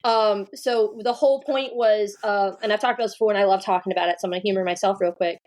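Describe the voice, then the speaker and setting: A woman co-hosting a podcast in casual discussion, rambling and animated, with lots of fillers. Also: medium pitch, quick pace. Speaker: podcast co-host.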